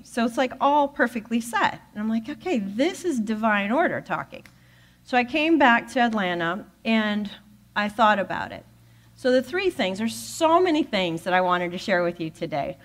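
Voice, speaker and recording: Woman, storytelling guest speaker at a spiritual center; animated, mid-pitched, conversational. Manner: animated storyteller who acts out quoted voices. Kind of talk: storytelling talk.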